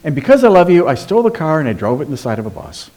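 A man's voice: fairly high pitch, big pitch swings, racing, warm tone. A man doing an eager reckless kid. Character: reckless teenage child boasting to dad.

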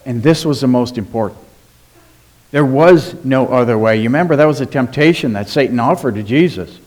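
A pastor preaches emphatically in a medium-pitched, darkish voice, posing rhetorical questions and slowing down on key words.

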